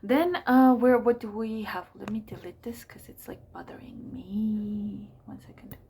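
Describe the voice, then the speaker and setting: A woman's voice: medium pitch, a little slow, dark tone, slight background noise. Chatty woman astrologer, rambling. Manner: chatty, rambling, many fillers and asides. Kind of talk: casual forecast talk to camera.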